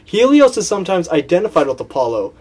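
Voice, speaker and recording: A young man chatting casually on a podcast, teasing his co-host and laughing as he goes. His voice sits a little high yet sounds mellow and warm. He trips over words when reading aloud. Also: very animated, quick pace, slightly rough. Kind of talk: casual chat.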